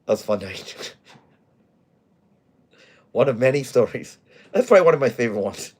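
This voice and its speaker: A man's voice: mid-range voice, very animated, moderate pace, darkish tone. A man who manages a bar, telling a rowdy story in blunt, profane casual talk. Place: bar in Scranton, Pennsylvania.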